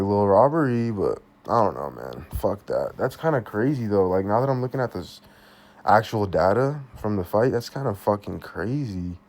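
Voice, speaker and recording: A man's voice: lowish voice, a little mellow. A young man giving a casual, blunt fight review, swearing constantly and talking in loose slang. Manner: blunt, heavily profane, slangy. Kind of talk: casual commentary.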